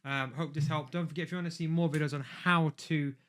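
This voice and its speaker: A man's voice: fairly high pitch, fairly even intonation, a little fast, fairly bright tone. A man giving a casual, rambling gameplay tutorial while he plays. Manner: rambling, chatty, talks while playing. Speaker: video game coach.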